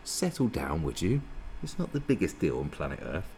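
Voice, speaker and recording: A man's voice: low-pitched, moderate pace, slight background noise. A man giving crude, mocking commentary on a video clip. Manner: animated, sweary, mocking. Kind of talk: profane reaction commentary.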